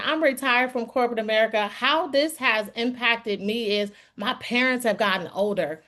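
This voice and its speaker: Earnest middle-aged woman with a slightly high voice. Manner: earnest, folksy, addresses listeners as "y'all". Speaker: guest speaker giving a testimonial. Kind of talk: heartfelt testimonial.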